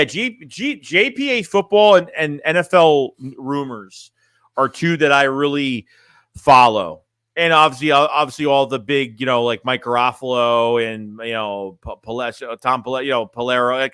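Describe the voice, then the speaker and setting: A man's voice: mid-range voice, fairly bright tone, clean tone, no echo, studio quality. A man casually chatting on a sports live stream, rambling and full of fillers.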